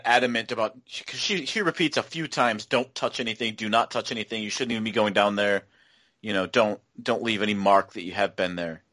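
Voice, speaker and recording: A man co-hosting a casual chat about a game, speaking in a thoughtful, measured way with some hesitation. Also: mid-range voice, bright, forceful tone. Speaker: podcast co-host.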